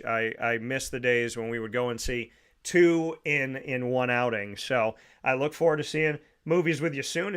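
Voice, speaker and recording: A man's voice: mid-range voice, fairly bright tone, clean tone. A man hosting a casual sports talk show, upbeat, chatty and sincere.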